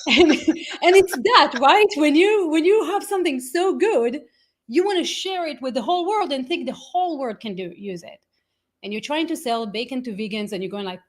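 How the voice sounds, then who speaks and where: Woman guest, slightly high voice, animated storyteller who acts out quotes. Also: moderate pace. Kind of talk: casual interview chat.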